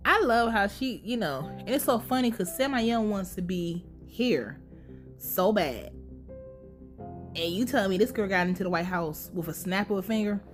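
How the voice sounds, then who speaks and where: A woman's voice: mid-range voice, animated, normal speed, faint music behind. A young woman hosting a casual, profane recap of a TV series. She swears freely, uses a lot of slang and laughs often. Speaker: podcast host recapping a TV series.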